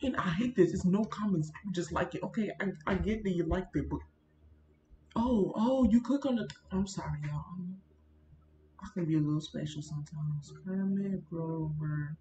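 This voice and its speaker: A woman chatting casually to her viewers while she sets up a video, rambling and animated, recorded at home on a built-in computer mic. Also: fairly low pitch, normal speed, reverberant, highs cut off, a little hiss or hum. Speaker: gaming YouTuber. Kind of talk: casual chatty vlog narration. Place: home room near a busy street.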